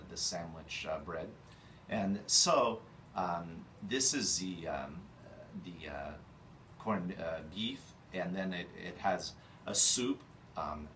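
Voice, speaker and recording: A man voicing a boastful old-world Jewish deli chef who keeps pushing his bargain, loud and halting with many fillers. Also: deep voice, slight background noise. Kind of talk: comic ad take.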